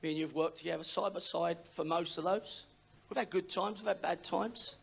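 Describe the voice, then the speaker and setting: A middle-aged man, the father of the groom, giving a wedding speech, emotional and pausing to sigh. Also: high-pitched, creaky, breathy edge. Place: wedding reception hall.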